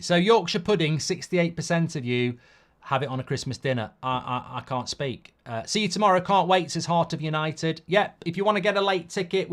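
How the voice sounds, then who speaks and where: Middle-aged man, live-stream football host, loose sweary chatter, slightly raised pitch. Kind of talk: casual live-stream chat.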